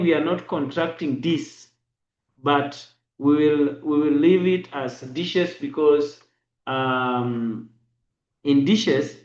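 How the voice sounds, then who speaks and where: Male teacher, slow careful delivery, spells letters and dots aloud, roomy lo-fi recording. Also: on the high side. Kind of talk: braille lesson. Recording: echoey dull lo-fi room.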